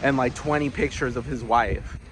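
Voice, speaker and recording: A man's voice: medium pitch, steady tone, normal speed, a little hiss or hum. A man vlogging a heated, profane rant with many restarts, outdoors. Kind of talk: casual ranting monologue.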